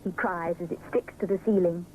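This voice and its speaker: A woman narrating a children's storybook show in a gentle, expressive way. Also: on the low side, brisk, phone-quality sound. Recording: hissy 1970s TV soundtrack.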